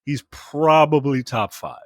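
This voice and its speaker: A man's voice: fairly high pitch, steady tone, unhurried, no room sound, studio quality. A man co-hosting a podcast in casual chat, ranting in exasperation with lots of filler words. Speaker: podcast co-host.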